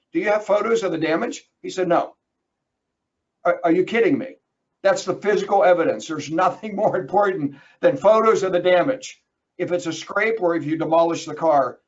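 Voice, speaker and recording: A man leads a webinar in an emphatic, direct way, talking to his listeners as folks. His voice sits a little high. The sound is muffled and lo-fi, as if it came through online meeting audio. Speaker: webinar presenter on trucking risk. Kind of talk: webinar presentation.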